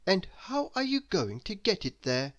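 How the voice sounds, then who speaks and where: A woman doing a calm, clever worm. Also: medium pitch, normal speed, lightly acted. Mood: matter-of-fact. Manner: calm, matter-of-fact.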